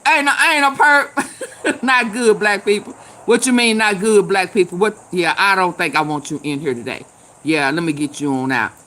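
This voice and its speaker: A tipsy woman hosts a casual live chat with a slow, drawn-out delivery. Her voice is bright and forceful and sits a little high. She laughs loudly, swears freely and calls out viewers by name. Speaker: live stream host.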